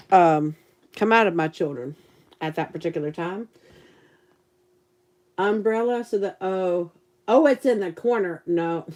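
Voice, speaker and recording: A woman's voice: mid-range voice, darkish tone. A woman chatting casually to a live stream audience, giggly and rambling. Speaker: livestream host and teacher.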